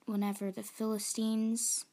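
A woman's voice: a little high, level tone, measured pace, mellow. A young woman, chatting into her phone for a casual solo podcast, rambling and self-conscious, often dropping to a whisper. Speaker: podcast host.

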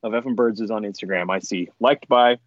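A man's voice: on the low side, brisk, dry recording, highs cut off. A man telling funny stories in a casual podcast chat, laughing often. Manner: animated, laughing storyteller. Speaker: podcast guest.

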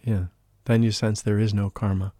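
A man talking as a guest in an interview, telling a personal spiritual story in an earnest, emotional way. He often drops into a hushed voice when he quotes people. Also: lowish voice, level tone, normal speed, no room sound, studio quality. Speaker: podcast guest, spiritual life coach.

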